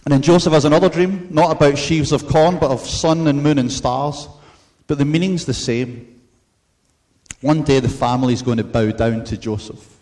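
A man preaching a sermon in an earnest, measured way, mixing in storytelling asides. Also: fairly high pitch, a little mellow.

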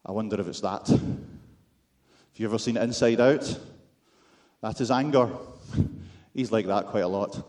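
A man's voice: lowish voice, a little slow, a little mellow. A man with a Scottish accent preaching a sermon, with wry, self-deprecating humor and rhetorical questions to the congregation.

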